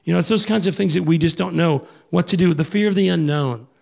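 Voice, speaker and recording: Gravelly-voiced man preaching conversationally. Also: on the high side, fast talker, darkish tone. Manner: conversational, acts out quoted voices. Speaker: pastor. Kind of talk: sermon.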